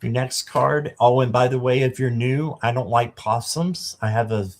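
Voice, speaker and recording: A man's voice: medium pitch, fairly even intonation, moderate pace. A man doing a casual live tarot reading, chatting to viewers and reading the card text aloud. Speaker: tarot reader.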